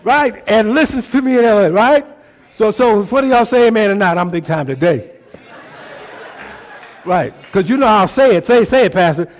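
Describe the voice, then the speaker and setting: A man preaching a call-and-response sermon as pastor in a church, swinging from shouting excitement to a low, hushed prayer voice. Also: normal speed, a faint crowd. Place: church sanctuary.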